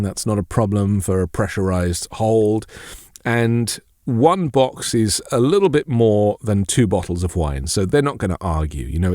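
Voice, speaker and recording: A man's voice: lowish voice, a little mellow, no echo, studio quality. A man hosting a casual podcast, chattily handing out tips with enthusiasm. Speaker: podcast host.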